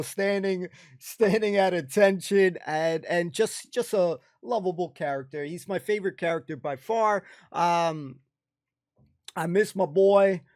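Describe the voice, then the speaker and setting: A man's voice: high voice, no echo, clean studio sound. Enthusiastic American man reacting to a show. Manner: enthusiastic, rambling, keeps saying "ladies and gentlemen". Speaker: reaction video host. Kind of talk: casual reaction commentary.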